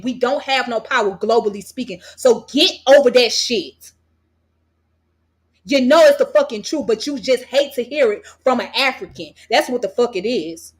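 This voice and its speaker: Her voice sits on the high side with a slightly bright quality. This American vlogger from the United States rants heatedly, swearing bluntly and driving each point in by saying it again and again.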